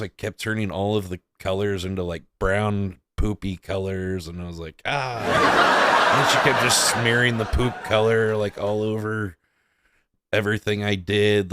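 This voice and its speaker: A man with a fairly low voice tells a rambling, crude story in a loose, casual way. He leans on fillers and jumps into a higher, louder voice when he acts out what people said. Faint music plays underneath. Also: no echo. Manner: acts out quoted lines in a raised voice. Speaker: streamer telling a story.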